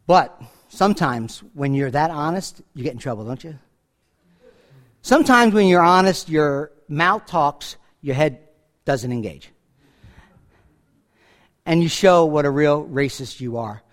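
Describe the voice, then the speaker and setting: A man's voice: fairly high pitch, lively intonation, unhurried, pauses often. A middle-aged man from New York preaching a conversational Bible-teaching sermon, acting out the scripture dialogue. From New York, USA. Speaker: pastor.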